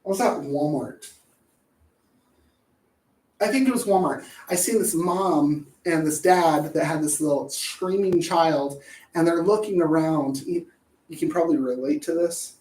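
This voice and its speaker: A woman's voice: low voice, a little slow, warm tone. A woman giving a casual talk on parenting. She is chatty and jokey, and she acts out little voices as she goes. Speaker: parenting educator. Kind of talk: casual presentation. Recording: echoey room, voice from a distance.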